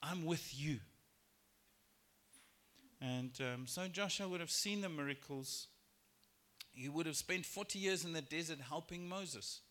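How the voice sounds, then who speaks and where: A man preaching a sermon in church, lively and expressive, acting out biblical characters in raised voices. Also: moderate pace. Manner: animated, acts out quoted voices with rising pitch and volume. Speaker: pastor. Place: church sanctuary.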